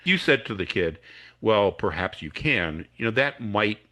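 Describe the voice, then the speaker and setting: A man's voice: fairly low pitch, animated, unhurried, sharp tone. A man, an educator and coach, explaining a technique as a podcast guest and acting out what students and teachers say. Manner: acts out students' and teachers' voices while explaining.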